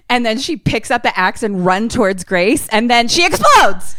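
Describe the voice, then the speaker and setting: A woman's voice: a little high, expressive, measured pace, pushed and bright, no room sound, clean studio sound. A young woman co-hosting a podcast, recapping a movie in a casual, profane way and laughing as she tells it. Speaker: podcast co-host.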